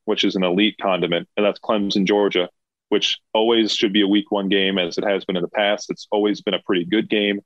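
A man's voice: lowish voice, a bit bright, no room sound. A man co-hosting a podcast in casual chat, emphatic and opinionated. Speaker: podcast co-host. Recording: dull lo-fi dry sound.

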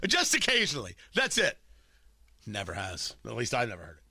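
A middle-aged man holds forth on a morning radio show in a high, bright voice that leaps around. He repeats his points for emphasis and slips in sarcastic jokes. The studio sound is close and dry. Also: no echo. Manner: emphatic, repetitive, sarcastic asides. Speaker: radio talk show host. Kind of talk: opinionated morning radio monologue. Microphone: studio microphone.

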